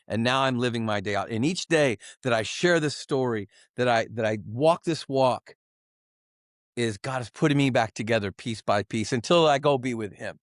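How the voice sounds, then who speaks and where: A middle-aged man giving a candid personal testimony as a podcast guest, earnest and confessional, halting with many fillers and restarts. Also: medium pitch, no echo, clean studio sound. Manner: halting, full of "you know" fillers and restarts.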